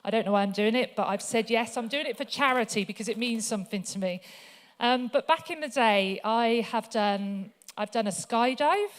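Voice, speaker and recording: A woman's voice: fairly high pitch, normal speed. Chatty woman telling stories at church. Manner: chatty storytelling with many fillers. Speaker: guest speaker. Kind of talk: church talk with personal stories.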